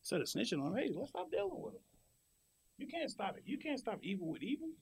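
A young man talking as a podcast guest, ranting in a loud, profane, animated way. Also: very high voice, fast talker, vocal fry, slight background noise. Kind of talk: casual podcast chat.

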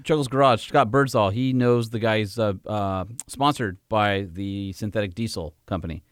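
A man's voice: lowish voice, normal speed, clear, resonant tone, no room sound, studio quality. A man co-hosting a podcast, chatting in an easygoing, joking way with lots of fillers. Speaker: podcast co-host. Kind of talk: casual chat.

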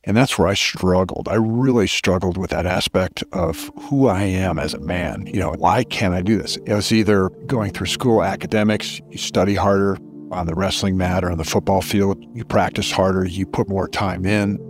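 A man's voice: low voice, moderate pace, faint music behind. A middle-aged man as a podcast guest, earnestly telling a personal story with reflective emphasis.

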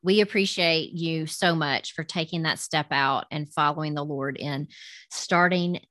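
A woman's voice: low-pitched, steady tone, measured pace, a bit bright, no room sound, clean studio sound. A woman with a Southern accent hosting a podcast, chatty and affirming with many murmurs of agreement. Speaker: podcast host. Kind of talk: casual faith-based podcast interview.

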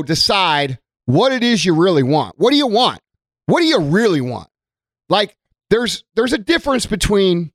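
A man's voice: fairly high pitch, fairly bright tone, dry recording, clean studio sound. A man giving a blunt, profane, emphatic motivational talk to his followers. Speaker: motivational content creator. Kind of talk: motivational monologue.

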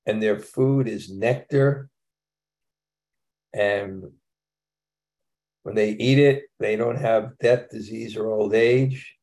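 Gravelly man giving a scripture class. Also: fairly low pitch, steady tone, slow, long pauses, a little mellow. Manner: conversational, chuckling asides, frequent restarts. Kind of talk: casual scripture lecture.

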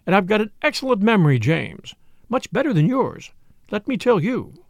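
A brisk, gossipy middle-aged spinster, put on by a man reading aloud, pitched noticeably above his own voice. She sounds complacent and self-important, every remark knowing and sure of itself, with a lively, bouncing delivery and a slight gravel at the edges. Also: dry recording, studio quality, full character voice. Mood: self-satisfied. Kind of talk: audiobook character voice.

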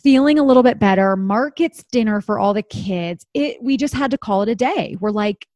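Animated woman telling a story. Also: mid-range voice, moderate pace, no echo. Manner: animated storyteller, acts out quotes, laughs often. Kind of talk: casual chat.

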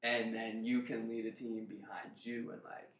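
Man, casual group talk, animated storyteller, acts out quotes, echoey room, faint background noise. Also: on the low side, moderate pace. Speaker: travel company founder.

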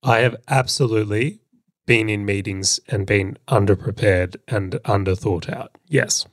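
A man co-hosting a podcast, calmly asking measured questions in a casual conversation. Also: lowish voice, no echo, studio quality. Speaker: podcast co-host.

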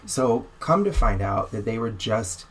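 A young man in a casual conversation, telling a personal story in a wry, animated way and acting out the voices of the people he talks about. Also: fairly low pitch, measured pace, a little hiss or hum. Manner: animated, wry storyteller who acts out quoted exchanges.

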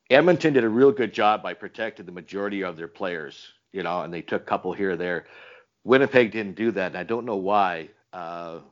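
Low-voiced older man telling stories. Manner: animated, repeats words, acts out dialogue. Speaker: retired pro hockey player as guest. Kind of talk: casual interview storytelling. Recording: dull lo-fi recording.

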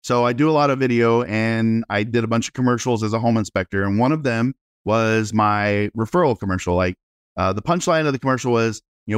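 A man, a realtor guest, telling animated and self-deprecating stories in a casual interview. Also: lowish voice, a little fast, smooth, no echo, clean studio sound.

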